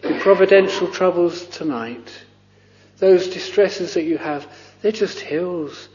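A man's voice: high voice, slow pace, a little mellow. A man preaching a sermon with fervent cries of "oh" and many repeated words. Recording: lo-fi recording with long reverb.

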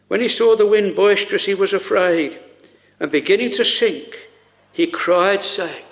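A man preaching a solemn, earnest sermon with slow pauses, quoting old scripture. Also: sits high, fairly bright tone.

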